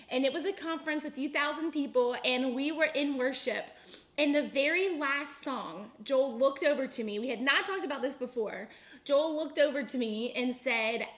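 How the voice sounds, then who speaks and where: A woman's voice: sits high, a bit bright. A young woman co-hosting a ministry video with her husband, chatting casually to camera and laughing often. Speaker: ministry vlogger, co-host with husband.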